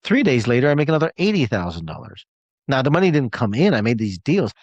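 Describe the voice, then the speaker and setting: A man's voice: medium pitch, sing-song, quick pace, no room sound, lo-fi sound. Emphatic man giving a motivational talk. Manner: emphatic and repetitive, leans on key words. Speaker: motivational speaker.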